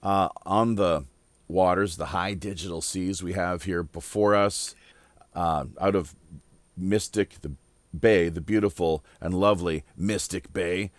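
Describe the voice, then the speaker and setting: A man's voice: low voice, fairly even intonation, dry recording. A man hosting a casual podcast round-table, rambling with lots of fillers. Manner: rambling, filler-heavy, deliberate. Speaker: podcast host.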